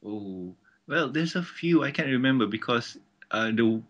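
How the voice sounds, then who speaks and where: A man talking loosely about his own podcast on an online call, rambling and laughing easily. His voice is bright and forceful, sitting at an ordinary pitch for a man. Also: animated, unhurried, muffled recording. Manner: rambling, laughs often, stammers. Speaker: podcast host, guest. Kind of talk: casual chat over an online call.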